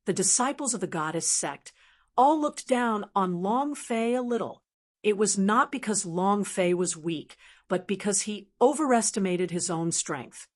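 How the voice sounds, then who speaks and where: A woman narrating a fantasy audiobook in a steady, even storytelling manner. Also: medium pitch. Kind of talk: scripted narration.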